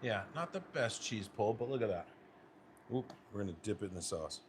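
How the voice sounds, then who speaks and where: Speaking a little fast with lively intonation, a young American man with a lowish voice plates food in his home kitchen. It's a casual cooking vlog in which he chats with his partner and viewers, with slight background noise.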